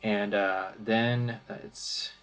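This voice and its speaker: A man narrating a tabletop game as dungeon master, relaxed and hesitant with fillers. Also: on the low side, drawn-out words.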